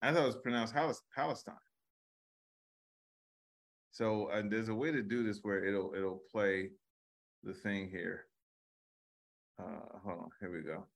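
A man's voice: fairly low pitch, a little slow, creaky, pauses often. A man co-hosting a comedy podcast in casual chat, joking and laughing often.

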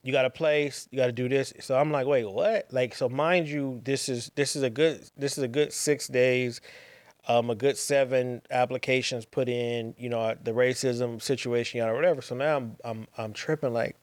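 A man's voice: medium pitch, steady tone, normal speed, no room sound. A young man, hosting a podcast and telling a rambling personal story with slangy asides and repeated phrases. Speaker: podcast host. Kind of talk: casual storytelling monologue.

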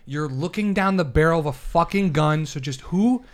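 A man's voice: a little high, normal speed. A young man hosting a podcast, ranting heatedly and swearing in casual chat. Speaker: podcast host.

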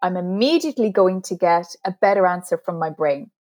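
A woman's voice: fairly low pitch, expressive, fairly quick, darkish tone. Earnest woman explaining communication skills. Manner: explains earnestly, acts out quoted voices, laughs at herself. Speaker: author and guest expert on communication. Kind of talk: interview conversation.

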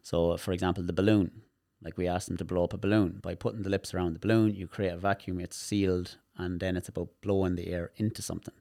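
Irish man, deep voice, dry close sound, chatty therapist guest who explains with lots of repeats and little demonstrations. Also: quick pace, vocal fry, hardly any pauses, dry recording. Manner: animated, demonstrative, repeats words while explaining. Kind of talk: casual interview chat.

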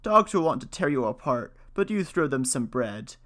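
Brief: male narrator as a kind aunt, soft, instructive. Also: medium pitch, very animated, normal speed. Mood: gentle. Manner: gentle, instructive. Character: kind, protective older aunt.

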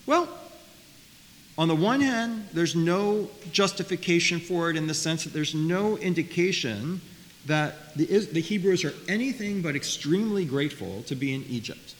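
A man teaching a Bible study class, talking in a lively way, often repeating words and asking his listeners questions. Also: a little high, normal speed. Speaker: Torah teacher. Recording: faint hiss, long reverb.

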